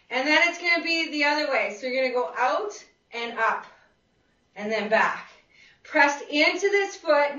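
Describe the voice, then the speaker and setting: A woman's voice: sits high, pushed and bright. A woman fitness instructor leading a live seated exercise class, upbeat and encouraging, calling out counts and cheering the group on. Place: exercise room with a class present. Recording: echoey room, far from a dull lo-fi mic.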